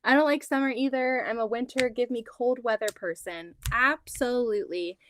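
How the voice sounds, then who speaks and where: A woman's voice: a little high, normal speed, a bit bright, slight background noise. A woman in her thirties chatting casually on a home quilting livestream, rambling about her kids and reading out viewer comments. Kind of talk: casual chat on a live stream. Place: home sewing room.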